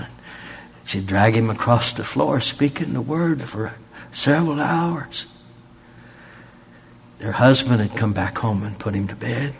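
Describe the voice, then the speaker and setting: A man preaching a sermon, pressing rhetorical questions and swinging from loud emphasis to a near-whisper. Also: mid-range voice, animated, measured pace, gravelly, slight background noise.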